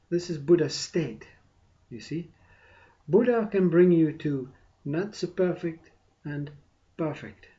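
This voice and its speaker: A man giving a meditative spiritual talk, soft and unhurried, with long pauses and a repeated "you see". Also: fairly high pitch, dull audio. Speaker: spiritual teacher.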